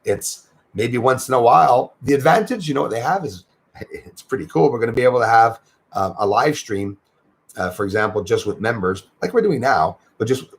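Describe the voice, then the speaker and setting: Man, gravelly voice, casual livestream host, chatty, greets viewers by name. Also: medium pitch. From Canada.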